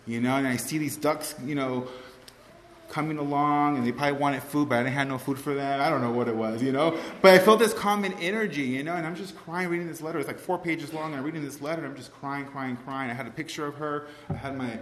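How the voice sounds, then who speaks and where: A man's voice: fairly high pitch, fast, a bit bright. A man sharing his recovery story with a group, rambling and emotional, often saying "you know" and "right". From Cuban family. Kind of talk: personal testimony to a group. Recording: echoey hall with faint room noise.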